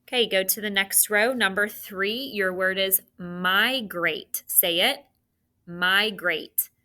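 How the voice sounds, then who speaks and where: A woman teacher dictating spelling sounds and words to students, with slow, clearly enunciated delivery. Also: medium pitch, bright, forceful tone.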